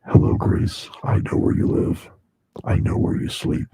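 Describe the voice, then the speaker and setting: A man voicing a menacing stalker with slow, looming threats, his voice pitched down by a mixing board. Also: dark tone, no room sound, studio quality. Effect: pitch shifted down by a mixing board.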